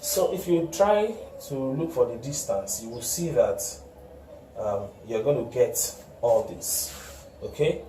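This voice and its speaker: Slow music teacher in an echoey room. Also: male voice, mid-range voice, animated, dark tone, distant mic. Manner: slow, repeats note names and corrects himself. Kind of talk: classroom music lesson. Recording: echoey room, voice from off-mic, noisy.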